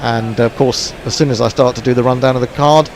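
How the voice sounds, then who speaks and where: A man doing relaxed ball-by-ball cricket commentary on an internet radio stream, chatty and dry, with plenty of fillers. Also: mid-range voice, fast. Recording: faint background noise.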